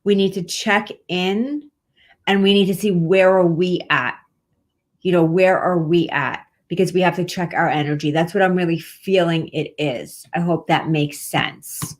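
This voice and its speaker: A woman's voice: on the low side, fairly even intonation, unhurried. A woman hosting a live pet-medium show, chatting casually and rambling reassuringly with plenty of fillers. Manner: warm-hearted, reassuring, rambling with many fillers. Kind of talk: casual live-stream chat.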